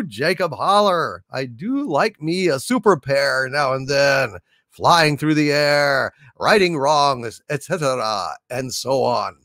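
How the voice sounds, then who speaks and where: A man's voice: mid-range voice, a bit bright, dry recording, studio quality. A man hosting a livestream and reading out donations in a theatrical, hesitant way, full of fillers and restarts. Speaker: livestream host.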